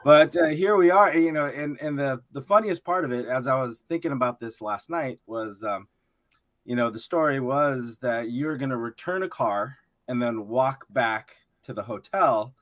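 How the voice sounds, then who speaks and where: A man's voice: mid-range voice, animated, normal speed, dry recording. Man telling stories in a dry room. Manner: storytelling, many fillers. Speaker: podcast co-host. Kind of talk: casual chat.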